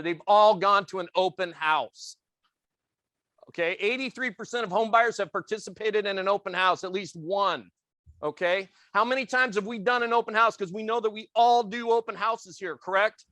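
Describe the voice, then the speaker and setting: Intense, high-voiced man teaching a class. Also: sharp tone, no room sound. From Italian family background. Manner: intense, passionate, asks the room questions; acts out quoted customers in little voices. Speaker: real estate trainer. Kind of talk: classroom training talk.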